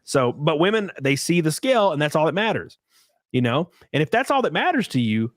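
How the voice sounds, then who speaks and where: A man hosting a podcast in casual chat, telling profane, animated stories with acted quotes. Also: a little high, brisk, dry recording, studio quality. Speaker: podcast host.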